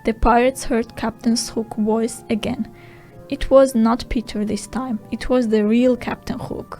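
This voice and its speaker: A woman narrating a storybook audiobook for language learners in a slow, clear and simple way. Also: a little high, steady tone, warm tone, soft background music, rough recording.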